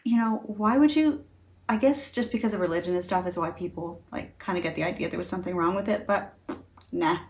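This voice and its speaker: A woman's voice: on the low side, fairly quick, a little mellow. A middle-aged woman in a casual talk to camera, chatty and earnest, laughing often. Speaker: beauty vlogger.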